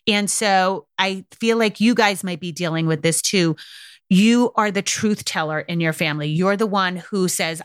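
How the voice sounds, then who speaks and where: A middle-aged woman hosting a podcast, talking frankly in a candid monologue and acting out quoted lines with sudden jumps in pitch. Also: brisk, clean tone, dry recording, studio quality. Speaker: podcast host.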